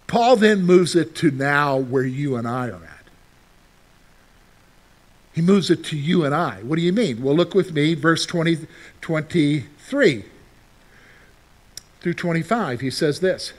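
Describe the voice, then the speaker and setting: A man's voice: sits high, very animated, a little slow, sharp tone. A male pastor preaching a conversational sermon, firing questions at the congregation and acting out their replies. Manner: conversational, asks the congregation questions and answers them; plays out imagined listeners' replies.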